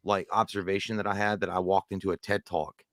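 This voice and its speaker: A man's voice: deep voice, level tone, a little fast, a bit bright, no echo. A man co-hosting a movie podcast, teasing his co-host in casual, incredulous banter.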